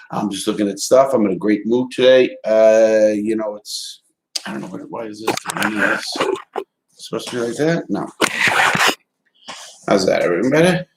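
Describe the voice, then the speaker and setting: Loose, profane man hosting a livestream. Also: mid-range voice. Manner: loose and profane, repeats words in quick bursts. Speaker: live-stream host reading viewer chats. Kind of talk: casual live-stream chat.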